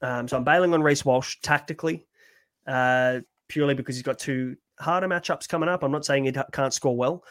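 A man's voice: medium pitch, no room sound. A man co-hosting a fantasy sports podcast, chatty and upbeat with many fillers. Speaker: podcast co-host. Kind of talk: casual fantasy sports chat.

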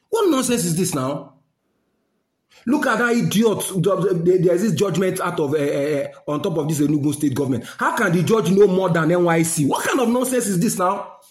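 A fired-up Nigerian man scolding and railing, his voice sitting high. He drops into Pidgin now and then. It sounds like an echoey room. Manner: indignant, scolding, mixes Pidgin phrases. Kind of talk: angry political rant.

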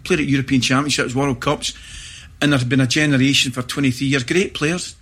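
A middle-aged Scottish man chatting as a guest, spinning animated anecdotes. His voice is bright and forward with a husky edge. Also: mid-range voice, fairly quick. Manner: animated anecdotes with laughter and acted-out shouts. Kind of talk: storytelling in casual chat.

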